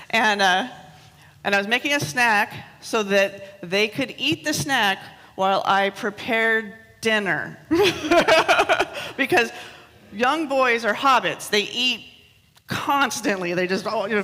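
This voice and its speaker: Woman pastor in her thirties telling funny stories from the pulpit, bright voice, long hall echo. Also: mid-range voice. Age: 30s. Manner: chatty and self-mocking, laughing often. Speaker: minister. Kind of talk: sermon with personal stories. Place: church hall.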